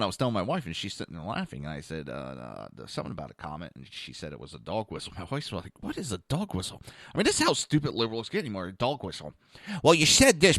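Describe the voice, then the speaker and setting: A man's voice: low voice, bright, forceful tone, dry recording, clean studio sound. A middle-aged man hosting a podcast, ranting bluntly with profanity and mocking asides. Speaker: podcast host. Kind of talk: ranting political commentary.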